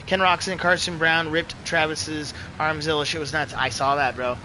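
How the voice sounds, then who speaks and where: A young man streaming a racing game, chatting casually to his viewers with profane, excitable banter and frequent laughs. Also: on the high side, normal speed, slight background noise. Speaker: gaming streamer. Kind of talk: casual live commentary while playing.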